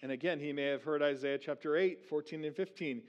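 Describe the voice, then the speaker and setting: Animated male pastor preaching a sermon. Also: on the high side, highs cut off. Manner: slows down for scripture readings, animated when acting out questions.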